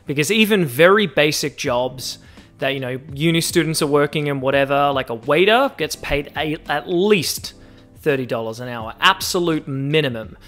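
A young man with an Australian accent hosts a solo podcast and speaks on the higher side for a man. His delivery is animated and jokey, and he stretches out words as he runs through lists. A bit of soft music plays underneath. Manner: animated, joking, drawn-out stresses on lists. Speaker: podcast host. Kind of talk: casual solo podcast monologue.

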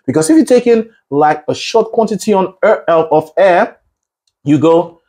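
A man's voice: high-pitched, animated, moderate pace, mellow. A man coaching a student through a singing lesson, explaining breath control with analogies and encouragement. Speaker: vocal coach.

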